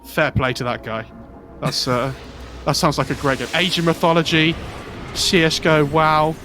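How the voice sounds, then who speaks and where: A man casting esports, chatting in a cheeky, joking way during a pause on a headset. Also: a little high, steady tone, music in the background. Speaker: esports caster. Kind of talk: casual chat during a game pause.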